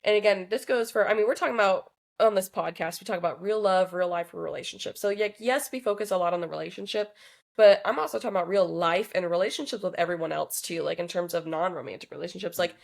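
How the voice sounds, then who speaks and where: Young woman co-host with a lowish voice, relaxed and talkative, lots of "like". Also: fast, gravelly. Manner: chatty, thinks aloud with many fillers. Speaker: podcast co-host. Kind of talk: casual chat.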